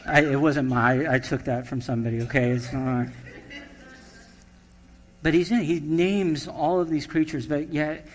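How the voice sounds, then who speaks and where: A man's voice: fairly high pitch, fairly even intonation, measured pace, pauses often, big-room sound. A man preaching a sermon as pastor, conversational and humorous, reading scripture and telling stories.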